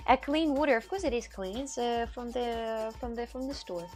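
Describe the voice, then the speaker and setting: A woman's voice: on the high side, moderate pace, darkish tone. Chatty woman streamer over faint music. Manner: chatty, laughs often, reads viewer comments aloud. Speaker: livestreamer reading chat. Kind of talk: casual live-stream chat. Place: outdoors on a city walk.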